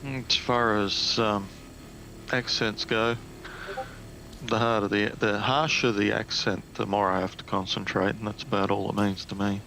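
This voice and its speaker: A man chatting with gaming friends in a slow, deliberate, dry manner. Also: on the low side, flat delivery, sharp tone, a little hiss or hum. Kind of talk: casual gaming chat.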